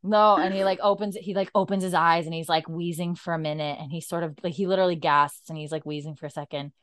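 Female co-host, lowish voice, animated scene-by-scene retelling. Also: fast talker. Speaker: podcast co-host. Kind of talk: casual episode recap chat.

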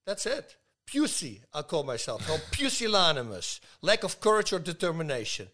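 A man in his fifties, a guest telling stories in casual talk, lively and laughing, acting out the people he quotes. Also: on the high side, moderate pace. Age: 50s. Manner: animated, laughs a lot, acts out dialogue. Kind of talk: casual storytelling.

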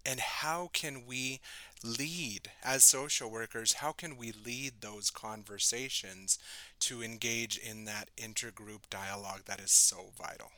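A man hosting a podcast interview, posing questions in a measured way. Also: medium pitch, sharp tone, dry recording, rough recording. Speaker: podcast host, social work educator. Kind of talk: interview host.

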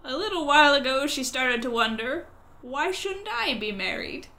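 Brief: woman voicing talkative male crow, high and bright, eager gossip. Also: expressive, normal speed, full character voice. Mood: gossipy. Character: chatty, helpful male crow.

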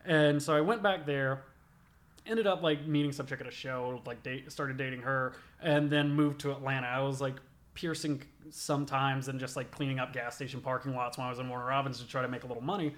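A man's voice: medium pitch, steady tone, brisk, fairly bright tone. A young man, a body piercer, telling stories casually in an interview, swearing a lot and filling with "like". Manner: profane, rambling, many "like" fillers.

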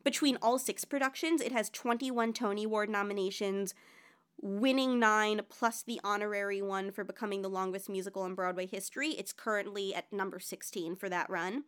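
A woman's voice: mid-range voice, steady tone, a little fast, a bit bright, clear, resonant tone. A woman hosting a podcast, chatting enthusiastically about a musical with a guest. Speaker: podcast host. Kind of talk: casual chat about musicals.

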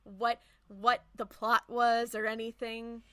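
A woman's voice: fairly high pitch, flat delivery, takes it slowly, sharp tone. A woman co-hosting a podcast in casual, enthusiastic chat, laughing often. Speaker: podcast co-host.

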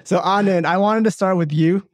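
A male podcast host reading a prepared introduction and asking interview questions in a measured way. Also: high voice, dry recording, clean studio sound. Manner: measured, reads prepared lines.

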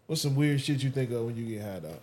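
A man's voice: mid-range voice, lively intonation, darkish tone, a little hiss or hum. A man co-hosting a casual podcast chat, joking and asking the others questions. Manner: joking, quick to laugh, asks questions. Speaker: podcast co-host.

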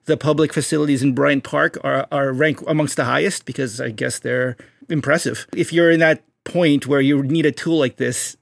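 Male podcast co-host, gravelly, animated storyteller, dry close mic. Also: medium pitch, moderate pace, dry recording. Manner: hypes stories up, acts out bits in jumpy voices.

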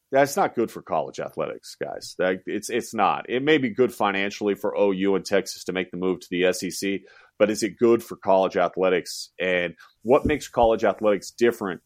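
A man's voice: lowish voice, dry recording, clean studio sound. A middle-aged American man, a college basketball analyst, talking animatedly in a casual podcast chat and acting out fans' voices. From United States.

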